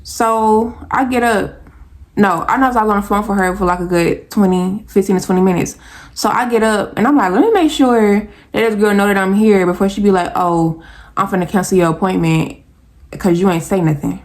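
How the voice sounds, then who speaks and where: Speaking directly to her viewers, a young woman with an Atlanta accent from the American South recounts a story in a casual vlog, animated and exasperated. She has a medium pitch and a fairly quick delivery.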